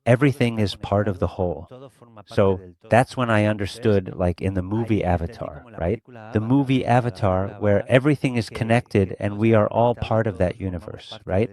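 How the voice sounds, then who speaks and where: A man's voice: fairly low pitch, moderate pace, darkish tone. A middle-aged man from Spain, a guest recounting a personal experience in an interview, speaking earnestly and reflectively with feeling. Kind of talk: emotional personal storytelling in an interview.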